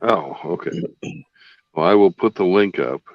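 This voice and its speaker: A man's voice: sits low, lively intonation, measured pace, creaky, no room sound, lo-fi sound. Blunt, profane male panel host. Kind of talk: casual online panel chat.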